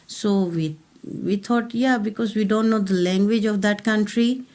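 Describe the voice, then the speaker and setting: A woman from Pakistan tells her own story in an interview, talking plainly and haltingly, with frequent restarts. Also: mid-range voice, steady tone, darkish tone. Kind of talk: personal story told in an interview.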